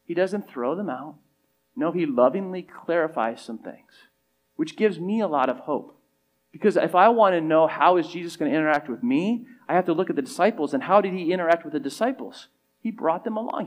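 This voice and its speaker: A man preaching a sermon in a conversational way, acting out the disciples' voices and shifting between loud emphasis and quiet lines. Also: a little high, lively intonation, a little fast. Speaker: pastor.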